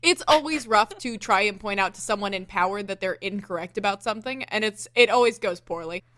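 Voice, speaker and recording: A woman's voice: medium pitch, fairly quick, fairly bright tone. A woman singer co-hosting a casual chat, enthusiastic and laughing often. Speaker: singer and co-host.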